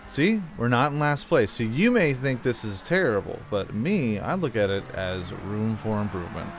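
A man's voice: on the low side, normal speed, a little hiss or hum. A man hosting a casual let's-play, joking and grumbling at the game while he plays, with the hiccups. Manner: animated, joking, talks back to the game. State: has the hiccups. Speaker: gaming channel host.

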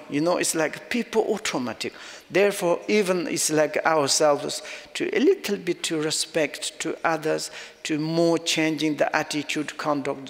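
Tibetan guy teaching dharma, broken english, kinda high voice, big echoey hall. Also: gravelly, fairly bright tone. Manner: halting non-native English with fillers, storytelling. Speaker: Buddhist teacher.

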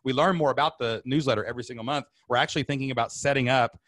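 Thirties male webinar host, rapid-fire hype delivery, dry close mic. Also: mid-range voice, dry recording. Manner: fired-up, preachy, repeats slogans, loud whoops. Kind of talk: energetic sales webinar talk. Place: home studio under lights.

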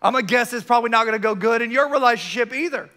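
Guy pastor preaching in church, high bright voice, keeps restarting words. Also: very fast. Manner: animated preaching with repeated stammering restarts. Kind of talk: sermon.

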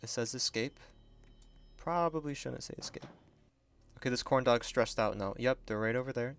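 A man giving excitable, chatty gameplay commentary and laughing often as a gaming video creator. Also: medium pitch, moderate pace, soft background music.

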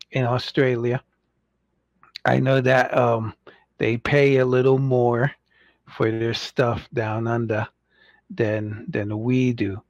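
A man from the United States chatting slowly on his livestream as host, rambling and jokey. His voice sits at an ordinary pitch, and the sound is dry and slightly muffled, like a home mic. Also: flat delivery, no echo. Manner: rambling and jokey, mocking impatient fans in squeaky voices. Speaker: toy collector livestream host. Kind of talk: casual livestream chat.

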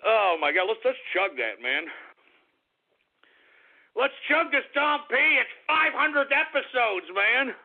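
A man's voice: extremely high pitch, big pitch swings, unhurried, long pauses. A man hosting a call-in radio show, boisterous and hollering with lots of laughter. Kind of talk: rowdy call-in radio banter. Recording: tinny phone-like audio, faint music.

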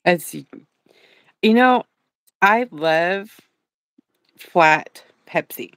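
A woman's voice: fairly low pitch, expressive, drawn-out words, fairly bright tone, no echo. A woman co-hosting a live paint-along stream, chatting casually in a giggly, self-deprecating, playful way.

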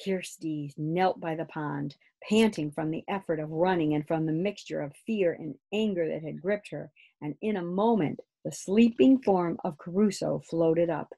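Brief: woman storyteller, husky and a bit gravelly, reads kids' books with lively animation. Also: moderate pace, hardly any pauses. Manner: lively, raising her voice high for shouts and bird cries. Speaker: storyteller reading a children's book aloud. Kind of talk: read-aloud storytelling.

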